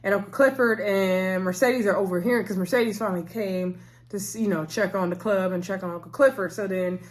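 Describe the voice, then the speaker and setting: Woman vlogger, casual episode recap, rambling and chatty, lots of fillers, mid-pitched. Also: fairly quick. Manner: rambling, loose, full of fillers like "so anyway" and "um"; chatty and familiar, addressing viewers directly. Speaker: TV episode reviewer.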